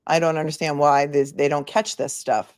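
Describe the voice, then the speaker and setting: A woman's voice: low-pitched, steady tone, normal speed. A woman attorney hosting legal commentary, chatting and reading court filings aloud with asides. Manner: conversational, reads documents aloud with asides. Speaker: attorney and channel host.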